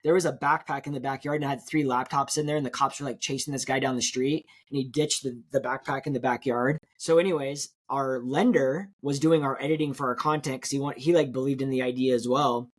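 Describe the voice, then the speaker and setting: Fast-talking man telling a story. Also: mid-range voice. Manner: fast, animated storytelling, acts out quotes. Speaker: real estate agent, guest. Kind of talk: storytelling in an interview.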